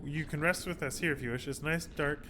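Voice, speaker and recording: Man reading as a gentle flea host, soft, slightly broken phrasing. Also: a little high, fairly even intonation, brisk, background noise, lightly acted.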